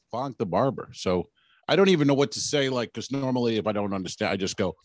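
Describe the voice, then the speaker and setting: Male comedy podcast co-host, blunt storyteller, mid-pitched voice, dry close mic. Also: lively intonation, fast talker, dry recording. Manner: blunt storyteller, swears, laughs at himself. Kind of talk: casual comedy banter.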